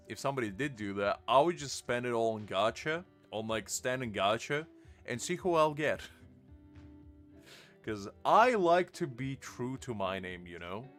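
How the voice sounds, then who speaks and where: Brief: mid-pitched male streamer, casual rambling chat, faint music underneath. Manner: rambling, self-mocking, laughs often. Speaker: game streamer.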